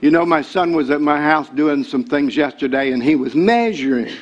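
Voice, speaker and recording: An older pastor with a drawl delivers a sermon, his voice sitting a little high. He stumbles over repeated words, then swells into shouting as he gets carried away. The recording is dull and lo-fi. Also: moderate pace.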